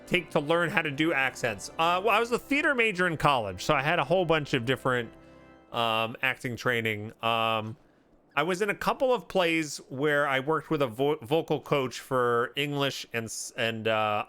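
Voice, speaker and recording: Man streamer, casual and self-deprecating, bright tone, soft game music behind. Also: medium pitch, smooth. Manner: self-deprecating, chatty, hesitant. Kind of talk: casual live-stream chat.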